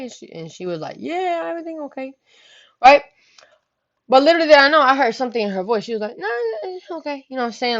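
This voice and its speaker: A young woman vlogger casually telling a story, slangy and full of "you know what I'm saying". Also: mid-range voice. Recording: dull lo-fi home recording.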